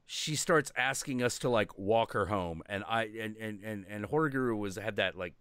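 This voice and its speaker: A man's voice: on the low side, lively intonation, a little fast, few pauses, a bit bright, smooth, no room sound. A man hosting a stream, chatting casually and telling rambling, profane stories that he acts out in quoted voices. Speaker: stream host. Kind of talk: casual chat.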